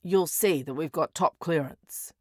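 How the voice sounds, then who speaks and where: A woman's voice: deep voice, unhurried, a little mellow, dry recording, clean studio sound. A woman voicing a blunt, offhand male agent in an audio story. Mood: assertive. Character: gruff sardonic male agent Jack.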